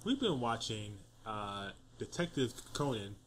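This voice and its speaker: Goofy, lively-voiced man on a home podcast. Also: on the low side, unhurried, slight background noise. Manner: goofy, playful. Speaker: podcast co-host. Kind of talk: casual chat. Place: home room. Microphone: desk mic.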